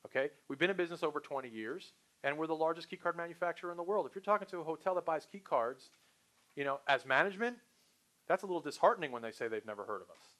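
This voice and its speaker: A man with a slightly high voice talks fast while leading a live sales training session. He chats casually with trainees and, in an animated way, acts out short phone exchanges, voicing both the customer's and the salesperson's lines.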